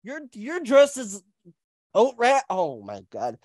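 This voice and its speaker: A man hosting a comedy podcast with theatrical, drawn-out announcer introductions. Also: high voice, huge pitch swings, no room sound, clean studio sound. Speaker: host.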